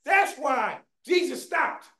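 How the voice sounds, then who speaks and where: High-pitched fervent preacher in an echoey church. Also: big pitch swings, slow. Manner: fervent, shouting, calls out to the congregation. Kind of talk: sermon. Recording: echoey room.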